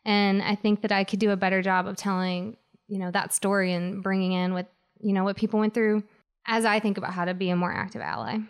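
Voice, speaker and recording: A woman guest telling a personal story in an earnest, halting way with many fillers. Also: medium pitch, flat delivery, smooth.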